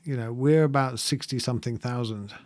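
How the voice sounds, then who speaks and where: Soft-spoken man, hesitant and reflective. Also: medium pitch, no room sound, clean studio sound. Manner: soft-spoken, halting, with frequent ums and gentle laughs. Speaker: meditation livestream host. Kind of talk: live-streamed reflective talk, reading viewer comments.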